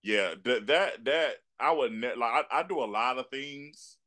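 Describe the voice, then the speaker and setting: Bright-voiced male interview host. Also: medium pitch, measured pace. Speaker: podcast host. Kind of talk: casual interview chat.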